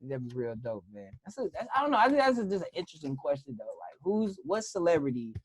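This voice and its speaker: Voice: mid-range voice, sing-song, fast talker, slightly rough. A podcast co-host telling a story in casual, slangy chat.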